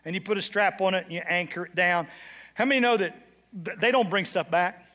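An older man preaching a sermon as bishop, telling a story and swinging between hushed, low passages and loud, excited ones. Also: fairly quick, slight background noise. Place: church.

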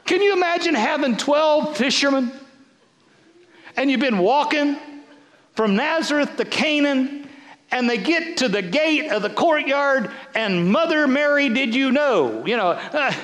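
A man in his fifties, a bishop preaching a sermon in a playful, animated way, swinging between loud bursts and hushed asides. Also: extremely high pitch, a little slow. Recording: long reverb of a large hall.

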